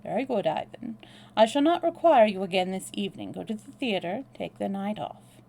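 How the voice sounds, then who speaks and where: Woman voicing a cowardly Russian schemer, formal, shrill when scared, gravelly edge. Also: animated, moderate pace, warm tone. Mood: smooth, formal. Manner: grows shrill and hysterical when threatened. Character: cowardly scheming Russian man, nervous and pompous. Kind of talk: read-aloud novel dialogue.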